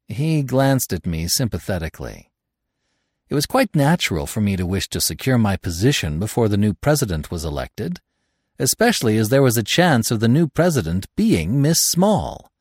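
A man reading a first-person story aloud as the narrator, in an expressive, theatrical style. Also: on the low side, normal speed, husky, dry recording, clean studio sound. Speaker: audiobook narrator.

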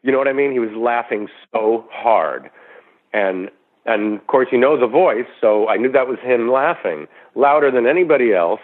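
A male actor guest telling a long anecdote in an animated way, acting out the voices of people he quotes. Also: medium pitch, normal speed. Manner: animated storyteller who acts out quoted voices. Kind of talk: storytelling interview anecdote. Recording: tinny phone-like line.

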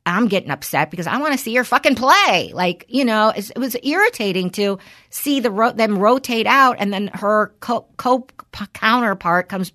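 A woman's voice: mid-range voice, expressive, normal speed, bright, forceful tone. A middle-aged woman hosting a podcast, chatting candidly and venting with frustration, swearing freely. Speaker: podcast host. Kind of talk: casual chat.

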